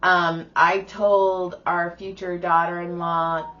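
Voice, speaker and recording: A woman's voice: fairly low pitch, little pitch movement, slow pace, sharp tone, faint music behind. Blunt, foul-mouthed middle-aged woman co-host. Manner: blunt and profane, storytelling. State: recovering from laryngitis. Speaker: podcast co-host. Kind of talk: casual chat. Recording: dull lo-fi sound.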